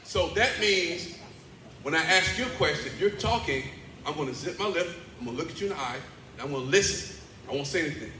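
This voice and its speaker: A man speaking as a motivational speaker and teaching artist at a school assembly, playful and animated, getting the children to call back to him. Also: fairly high pitch, fast talker. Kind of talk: energetic school assembly talk with call-and-response. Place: large indoor school hall. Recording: echoey hall with faint background noise.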